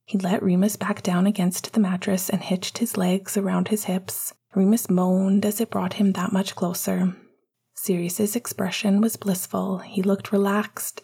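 A woman reading a romance chapter aloud in a hushed, intimate whisper. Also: mid-range voice, creaky, breathy edge. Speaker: audiobook narrator. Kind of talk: whispered narration.

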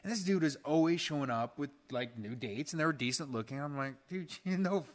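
A man's voice: fairly high pitch, animated, a little fast. A man co-hosting a casual chat about dating, joking often and repeating words as he starts his sentences. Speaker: co-host.

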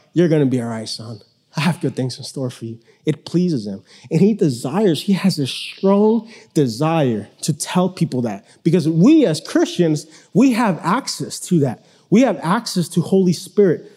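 A man's voice: high-pitched, dark tone. A young man preaching a sermon in a casual, conversational way, often restarting his sentences.

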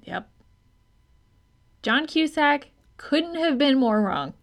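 A woman's voice: high voice, expressive, slow pace. A woman co-hosting a podcast, talking frankly and casually about a movie and swearing freely. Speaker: podcast co-host. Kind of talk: casual movie-review chat.

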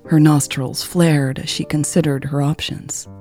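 A woman host reading a romance story aloud in a calm, measured way. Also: sits low. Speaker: podcast storyteller. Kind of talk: story narration. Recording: faint music behind.

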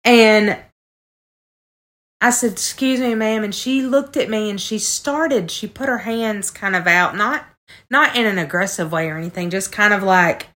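A woman's voice: medium pitch, unhurried, a bit bright. A woman telling a personal story earnestly on a casual podcast, talking straight to her listeners. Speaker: podcast co-host.

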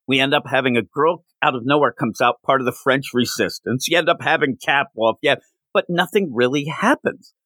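In a medium-pitched voice on a dry recording, a male podcast co-host talks comics in a relaxed review chat. He's animated throughout, acting out the characters' lines as he quotes them.

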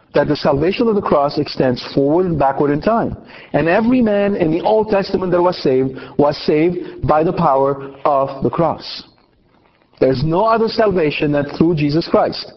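Man teaching Scripture on a dull recording. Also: fairly high pitch. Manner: questions the audience and answers himself, with many restarts. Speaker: Catholic teacher. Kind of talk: Bible teaching talk.

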